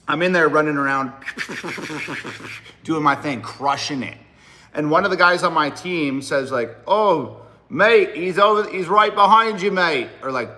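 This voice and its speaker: A man's voice: mid-range voice, bright, forceful tone. Blunt, profane man on a livestream. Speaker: livestream host and rapper. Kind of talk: casual livestream chat.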